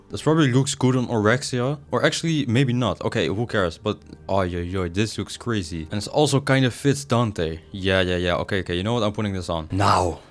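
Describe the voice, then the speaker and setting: A young man giving casual, slangy commentary over his gameplay, jumping from excited outbursts to low mumbles. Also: normal speed, hardly any pauses, soft background music. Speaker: gaming streamer.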